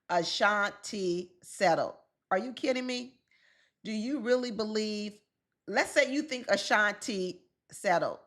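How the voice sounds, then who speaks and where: A woman's voice: lowish voice, fairly bright tone. A woman commenting on celebrity news in a casual vlog, talking straight to her viewers and laughing often. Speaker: relationship coach and commentator.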